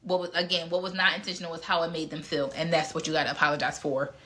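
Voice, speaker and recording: Woman host, frank and direct, bright forceful tone, live casual Q&A. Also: deep voice, little pitch movement, fast talker. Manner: frank and blunt, with mild cursing. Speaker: speaker answering audience questions.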